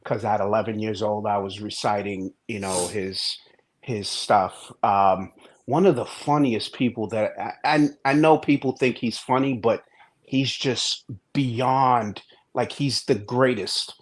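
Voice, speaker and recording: A man's voice: fairly low pitch, fairly even intonation, unhurried. A man who works in IT, chatting casually on a podcast in a profane, joking way. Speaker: podcast co-host and IT worker. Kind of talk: casual chat.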